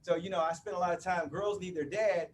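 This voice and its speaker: Fifty-ish guy, kinda high voice, joking w the crowd at a live talk, mic sounds far off. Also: fairly even intonation, a little fast, slight background noise. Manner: playful, banters with the crowd, often asks "you with me?". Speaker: motivational speaker. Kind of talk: live motivational talk to an audience. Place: event room before a live audience.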